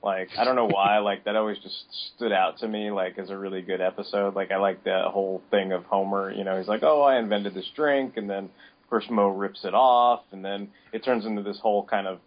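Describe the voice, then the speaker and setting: This podcast co-host has a deep voice and a flat, slightly fast delivery. He chats casually and rambles, filling his talk with restarts and fillers, all captured in dull lo-fi audio.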